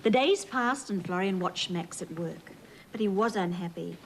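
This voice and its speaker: An Australian woman hosting a children's TV show, reading a storybook aloud and talking gently to young viewers in a sing-song way. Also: on the low side, normal speed, a little hiss or hum, low-quality recording. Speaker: children's TV host.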